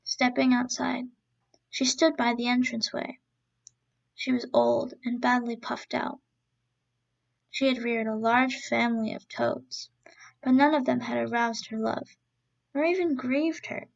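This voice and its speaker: A woman reading a traditional story aloud in slow, deliberate phrases. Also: on the high side, fairly even intonation, creaky, muffled recording.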